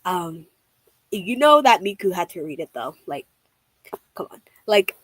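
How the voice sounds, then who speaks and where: Excitable, gushing young woman streamer. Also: fairly low pitch, measured pace, dry recording. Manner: gushing and excitable, swears casually. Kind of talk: casual live-stream chat while reading a game aloud.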